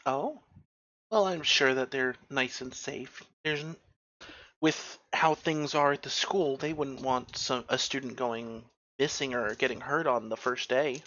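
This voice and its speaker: A man voicing an unsettling young woman who is polite but quietly menacing, in a tabletop role-play, on a dull lo-fi recording. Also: medium pitch, unhurried. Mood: politely curious. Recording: dull lo-fi sound.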